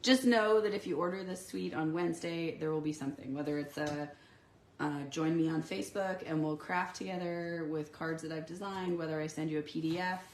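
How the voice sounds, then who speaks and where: Low-voiced, congested woman chatting. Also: fairly even intonation, fairly quick, a little hiss or hum. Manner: chatty, rambling, frequent ums and asides. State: congested and sick. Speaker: papercraft demonstrator. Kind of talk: casual live-stream craft demo.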